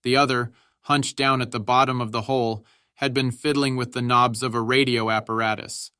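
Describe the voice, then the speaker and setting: Brief: male audiobook narrator, steady and measured, bright forward tone, dry close mic. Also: medium pitch, clear, resonant tone, no room sound.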